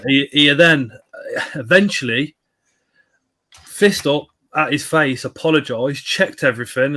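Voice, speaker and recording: A man's voice: medium pitch, fairly bright tone. A man in his thirties telling blunt, sweary anecdotes on a live stream. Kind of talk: casual storytelling chat.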